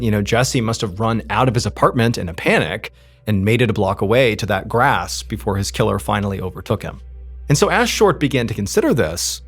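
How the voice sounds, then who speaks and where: A man narrates a true crime story in a relaxed, conversational way, dropping in frequent "you know" asides. His voice is gravelly and a little husky, and his pitch rises and falls in a lively way. Faint music plays underneath.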